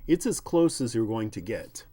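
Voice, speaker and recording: A man voicing a composed middle-aged male botanist in a comic book reading, speaking calmly and formally. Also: on the low side, moderate pace, breathy edge. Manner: calm, formal, courteous.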